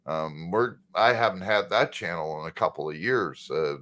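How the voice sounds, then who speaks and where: A man hosting an online chat show, talking haltingly with many fillers. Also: low-pitched, fairly bright tone. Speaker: host.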